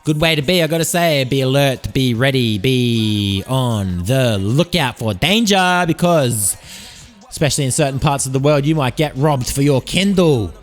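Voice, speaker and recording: A podcast host with a mid-range, animated voice rambles through a solo monologue at a moderate pace, joking, meandering, and swearing freely as he tells tall tales. Faint music plays behind him.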